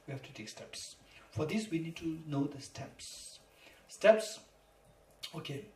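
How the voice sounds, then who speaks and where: A man with a voice on the high side speaks slowly, his intonation lively, as he delivers a dharma lecture. He teaches Buddhism emphatically and repetitively, spelling out terms letter by letter. The recording sounds roomy, with a distant mic and faint noise.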